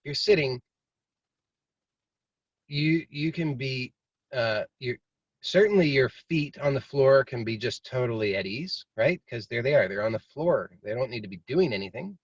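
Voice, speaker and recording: A man's voice: medium pitch, moderate pace, husky, dry recording. Rambling man teaching on a muffled call. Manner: relaxed and rambling, acts out inner voices. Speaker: meditation teacher. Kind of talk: casual spoken teaching. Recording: dry, slightly muffled video call audio.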